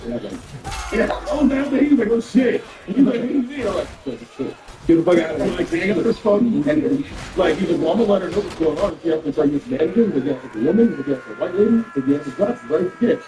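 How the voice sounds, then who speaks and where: Guy ranting a cursing story, kinda high voice, echoey noisy room. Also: racing, crowd noise. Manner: profane, animated storytelling. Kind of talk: casual chat.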